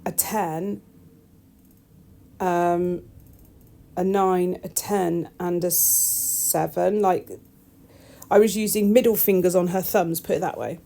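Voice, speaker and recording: A woman's voice: fairly low pitch, steady tone, slow pace, gravelly, pauses often, dark tone. A woman, a nail technician, chatting casually over her tutorial with wry, self-deprecating asides.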